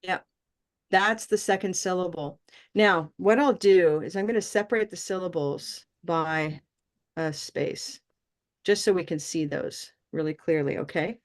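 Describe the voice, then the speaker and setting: A woman teaching English pronunciation in a class, encouraging and modeling sounds slowly and repeating them. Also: on the low side. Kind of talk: online class instruction.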